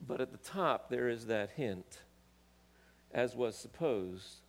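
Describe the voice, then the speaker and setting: A man preaching a sermon, reading scripture aloud with rising emphasis and pausing to correct himself. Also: mid-range voice, lively intonation. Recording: long reverb of a large hall.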